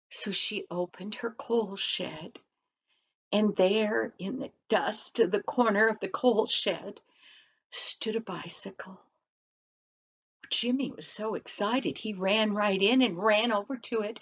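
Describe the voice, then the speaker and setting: Slow, gentle older woman telling a story. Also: mid-range voice. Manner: slow, gentle storytelling, asking the listener questions. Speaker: grandmother storyteller. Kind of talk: bedtime story narration. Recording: dull lo-fi recording.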